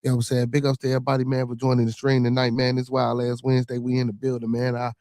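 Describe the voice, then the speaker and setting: A man's voice: mid-range voice, monotone, very fast, darkish tone, no room sound, clean studio sound. A man with a Chicago accent hosting a livestream, joking and cursing loosely while reading chat comments aloud. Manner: loose, profane, joking banter with frequent filler. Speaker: livestream podcast host.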